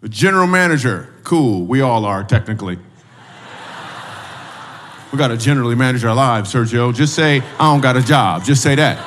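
A man's voice: medium pitch, animated, normal speed, pauses often, a bit bright. A male stand-up comedian doing crowd work on stage, teasing audience members and repeating his questions. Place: stage in a church hall. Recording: reverberant hall from a distance.

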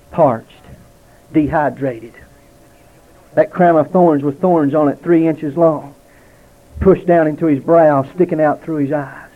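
A man in his forties preaching a dramatic testimony sermon, slowing and dropping almost to a hush for emphasis. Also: on the high side. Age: 40s. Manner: dramatic, slows and drops to near quiet for emphasis. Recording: tinny phone-like sound.

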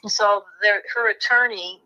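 Bright-voiced woman telling a true crime story. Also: medium pitch, steady tone, measured pace, dull audio. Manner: earnest storytelling, moved at times. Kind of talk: interview conversation.

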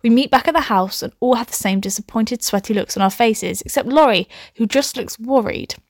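Young woman, fairly high voice, laughing and swearing, self-mocking comedy reading, dry close mic. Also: brisk, dry recording. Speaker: host reading her own old story. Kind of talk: comic reading with commentary.

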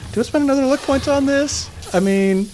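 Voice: high voice, a little fast, a little mellow, slight background noise. A player in a tabletop game, chatty and weighing choices aloud.

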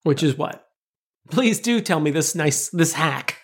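Lively, laughing woman podcast co-host. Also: low voice, measured pace, breathy edge. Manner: animated, jokey, laughs often. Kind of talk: casual chat.

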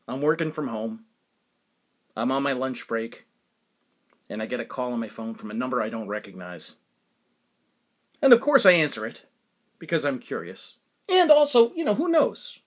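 A man's voice: medium pitch, big pitch swings, moderate pace, pauses often. A man hosting a solo podcast, telling rambling stories and laughing at his own jokes. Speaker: podcast host.

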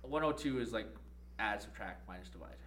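A young man on a podcast telling a story in a casual, profane, animated way, laughing often. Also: fairly low pitch, fairly quick, a little hiss or hum. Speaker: podcast co-host.

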